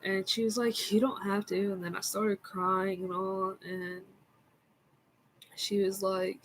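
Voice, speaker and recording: A woman telling a personal story in a casual vlog, in a soft, halting way with frequent fillers. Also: medium pitch, flat delivery, a little hiss or hum, rough recording. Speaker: vlogger.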